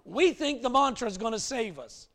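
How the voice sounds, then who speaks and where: Brief: male pastor, fairly high voice, storytelling sermon, shifts between hushed and loud. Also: moderate pace. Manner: animated, swings from hushed to loud.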